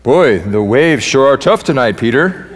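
A man's voice: medium pitch, animated, measured pace, long reverb tail, pitched below the performer's own voice. A man putting on an exaggerated fake British accent to play a fussy fisherman disciple in a sermon. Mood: mock-genteel.

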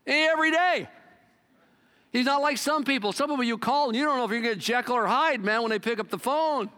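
Pastor, male, high and bright voice, lively conversational sermon delivery. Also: a little fast, clear, resonant tone. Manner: animated, conversational preaching with swings in pitch and loudness.

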